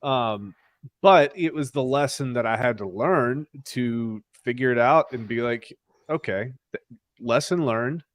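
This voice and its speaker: A man's voice: mid-range voice, measured pace, no echo. A man hosting a casual podcast, talking candidly and animatedly with frequent restarts. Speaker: podcast host. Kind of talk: casual crypto podcast chat.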